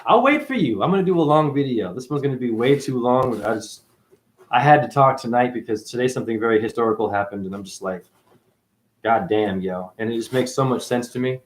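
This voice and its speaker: A man's voice: lively intonation, quick pace, slight background noise. Profane, swinging livestream ranter, man. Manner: profane, swings between loud high outbursts and low mutters. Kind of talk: rambling spiritual livestream rant.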